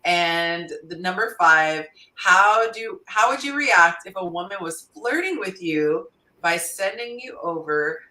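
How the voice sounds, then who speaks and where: Bright-toned woman host, lively casual chat, roomy echo, off-mic. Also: lowish voice, a little slow, distant mic. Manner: animated, laughs often, reads listener answers aloud.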